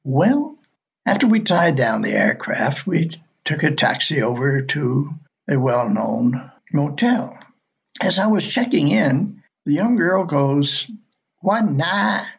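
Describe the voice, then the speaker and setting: An older man from Alabama with a slight Southern accent, slowly reading his own memories in a folksy storytelling way. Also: fairly high pitch, sing-song, gravelly, breathy edge. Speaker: listener sharing memories.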